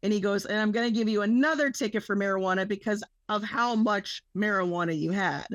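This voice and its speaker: A woman's voice: medium pitch, brisk, dry recording, dull audio. A young woman co-hosting a podcast, telling a rambling story full of swearing and quoted dialogue. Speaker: podcast co-host. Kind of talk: casual storytelling.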